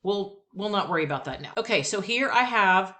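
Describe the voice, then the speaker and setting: A woman teaching a Spanish lesson, patiently repeating each phrase slowly twice, with chatty asides between drills. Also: medium pitch, expressive, bright, forceful tone. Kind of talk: language lesson.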